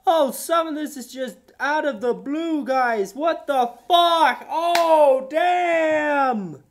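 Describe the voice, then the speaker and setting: A woman's voice: high voice, animated, slow pace, a little hiss or hum. A woman hosting a reaction video, exclaiming, swearing and laughing in disbelief. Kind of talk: casual reaction commentary.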